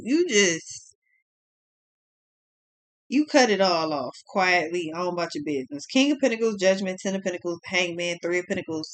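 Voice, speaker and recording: A woman's voice: fairly low pitch, a bit bright. A young woman giving a blunt, profane tarot reading, exclaiming as she turns the cards. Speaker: tarot reader.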